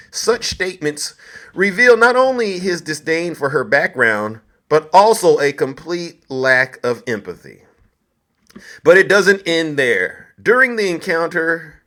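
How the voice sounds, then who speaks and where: A man holds forth to his live-stream audience in a mock-solemn, sermon-like speech. His voice sits a little on the high side, and he leans into a theatrical, preachy delivery with drawn-out pauses. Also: pushed and bright.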